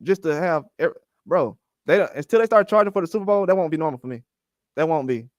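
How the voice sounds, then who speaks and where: A man riffing on boxing in casual commentary, ranting and slipping into the back-and-forth of the people he quotes. His voice sits a little high and sounds smooth and resonant, recorded dry and close with no room sound. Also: expressive, fast talker, no room sound. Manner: ranting, acts out quoted conversations. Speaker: boxing channel host.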